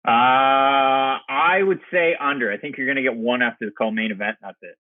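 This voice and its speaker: A man's voice: mid-range voice, normal speed, no echo, phone-quality sound. A man co-hosting a casual sports podcast, rambling and restarting his sentences. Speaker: podcast co-host.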